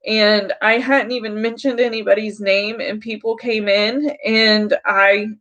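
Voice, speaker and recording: A woman with a mid-range, slightly bright voice speaks at a measured pace in a steady tone. She's a YouTuber livestreaming to her chat, congested from crying and frustrated as she talks through what happened in this emotional stream.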